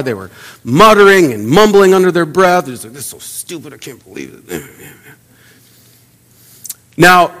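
A man preaches to his congregation in a relaxed, conversational way, tossing in rhetorical questions and little acted-out asides. His voice sits a touch above the usual male pitch. A long reverb from the church hall trails behind each phrase. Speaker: pastor. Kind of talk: sermon. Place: church sanctuary.

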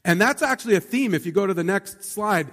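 Casual-talking pastor in an echoey hall. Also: male voice, high-pitched, animated, fairly quick, fairly bright tone. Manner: conversational, uses many fillers like "like" and "right?". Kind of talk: sermon. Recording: long hall reverb.

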